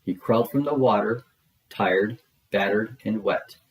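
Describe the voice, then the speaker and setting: A man reading a rhyming children's storybook aloud with a steady, rhythmic delivery. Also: on the low side, a little slow, low-quality recording.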